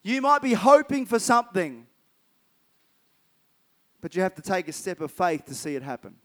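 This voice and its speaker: A man's voice: sits high, sing-song, moderate pace, a bit bright. A man preaching a sermon, retelling Bible stories vividly and repeating key phrases for emphasis.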